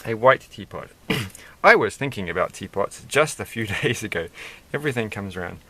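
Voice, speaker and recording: A man's voice: fairly low pitch, lively intonation, moderate pace, bright, forceful tone. Rambling man chatting while building Lego. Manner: chatty, rambling, self-amused asides. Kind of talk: casual rambling build commentary.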